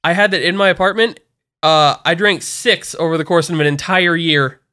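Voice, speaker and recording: A young man co-hosting a podcast, teasing and deadpan in casual chat. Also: a little high, normal speed, clear, resonant tone. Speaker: podcast co-host.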